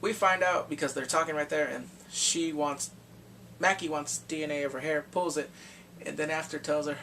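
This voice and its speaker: Excitable rambling man, a bit off-mic. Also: fairly high pitch, moderate pace. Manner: rambling, excitable retelling with blunt crude slang. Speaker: movie reviewer. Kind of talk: casual spoken movie recap. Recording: distant mic with faint background noise.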